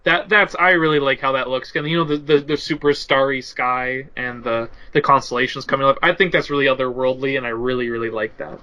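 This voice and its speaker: A man's voice: medium pitch, steady tone, bright, forceful tone. A man co-hosting a podcast, chatting and joking casually about films. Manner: chatty, joking, quick to laugh. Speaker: podcast co-host. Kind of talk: casual film review chat. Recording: dull lo-fi podcast audio.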